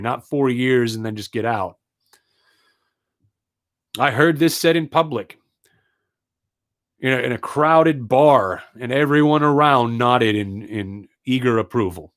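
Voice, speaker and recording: A man delivers a personal monologue in an earnest, indignant tone. His voice sits in an ordinary middle pitch, and he stresses his points by repeating phrases. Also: normal speed, a bit bright. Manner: earnest, indignant storytelling with emphatic repetitions. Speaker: speaker telling his political story.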